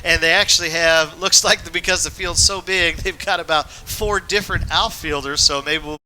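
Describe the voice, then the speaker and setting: A man's voice: on the high side, fairly even intonation, bright, forceful tone, low-quality recording. A man giving chatty, joking play-by-play commentary of a youth baseball game from a press box. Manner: chatty, jokey, quick with restarts. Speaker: play-by-play announcer. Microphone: press box mic.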